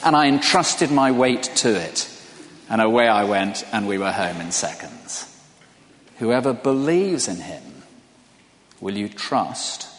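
A man's voice: lowish voice, expressive, slow pace. Older man preaching in a reverberant hall. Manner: conversational, asks the listeners questions. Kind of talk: sermon.

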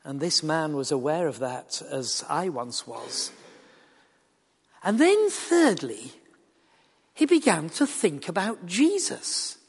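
Yorkshire preacher in a reverberant hall. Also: male voice, a little high, big pitch swings, takes it slowly, slightly rough. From Yorkshire, England. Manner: earnest, conversational preaching with wry asides. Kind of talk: sermon. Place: church or large hall. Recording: long reverb of a large hall.

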